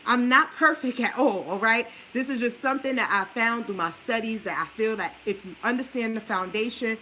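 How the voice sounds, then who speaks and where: A slightly high, brisk, sharp-toned woman with a New Orleans accent shares her meal plan from a home kitchen, speaking directly to viewers. The casual cooking demo and advice are sassy and preachy, with a little hiss or hum in the recording.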